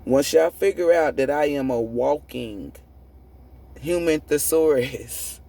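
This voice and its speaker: A woman's voice: a bass voice, a little slow, creaky, dark tone. A woman tarot reader delivering a profane, preachy spiritual rant, emphatic and prone to repeating and restarting words when fired up. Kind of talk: ranting spiritual monologue.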